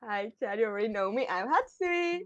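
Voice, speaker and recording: Brief: cheerful woman, lively up-and-down voice, fairly high, faint music. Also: a little fast, highs cut off. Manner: cheerful, giggly. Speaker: artist and player.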